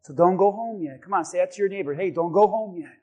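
Male pastor, high pitch; preaches in rising waves up to full shouts. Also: quick pace, muffled recording. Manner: builds from calm storytelling to shouted exhortation. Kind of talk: sermon.

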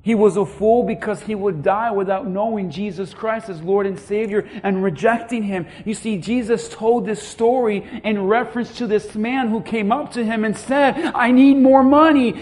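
High-voiced pastor preaching dramatically. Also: male voice, normal speed, hardly any pauses. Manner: preaching with dramatic swings in loudness and acted-out quotes. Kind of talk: sermon.

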